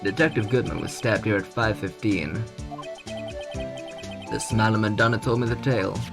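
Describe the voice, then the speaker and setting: A man voicing a gloomy, laid-back Texan cowboy patrolman in a slow, poetic drawl, over game music. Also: fairly low pitch, vocal fry.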